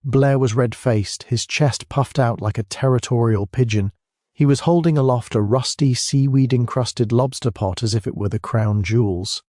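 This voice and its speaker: A man narrating a mystery audiobook in a steady, measured way. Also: mid-range voice, dry recording, clean studio sound. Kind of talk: scripted narration.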